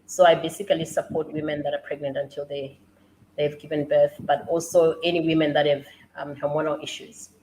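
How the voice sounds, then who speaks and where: A woman's voice: low voice, flat delivery, warm tone, slight background noise, low-quality recording. A woman from Australia, a naturopath, introducing herself on a video call in a thoughtful, hesitant way. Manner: thoughtful and hesitant, pauses with fillers. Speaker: guest, naturopath.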